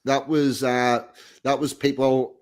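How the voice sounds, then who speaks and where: A man hosting a casual live stream, easygoing as he wraps things up. His voice is starting to wear after hours on air, sitting at a plain middle pitch. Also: slow pace. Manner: relaxed, wraps up the show. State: throat going after a long stream. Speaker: stream host. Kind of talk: casual chat.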